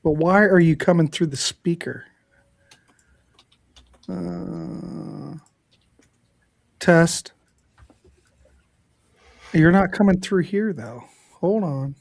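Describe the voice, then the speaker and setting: A man's voice: on the high side, drawn-out words, vocal fry, long pauses. A man hosting a live panel stream, talking casually and passing the turn to the next guest. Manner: chatty, flustered by tech trouble, a little profane. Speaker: host. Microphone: streaming mic.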